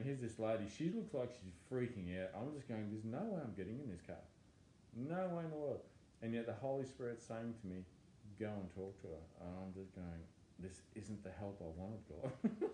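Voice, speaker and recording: Deep-voiced man telling a story. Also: slight background noise. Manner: animated, self-interrupting, acts out his own thoughts. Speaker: testimony speaker. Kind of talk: personal testimony storytelling. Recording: echoey room with faint ambience.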